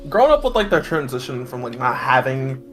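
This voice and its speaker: A man chatting casually in a relaxed, thoughtful way. His voice sits at a middle pitch, and faint music plays behind him. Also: fairly quick. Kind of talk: casual chat.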